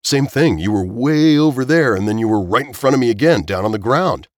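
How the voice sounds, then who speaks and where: A man's voice: mid-range voice, expressive, a little fast, no echo, clean studio sound, pitched above the performer's own voice, close to an everyday voice. A man voicing a blunt, casual young man in an audiobook. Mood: bewildered. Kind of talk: audiobook character voice.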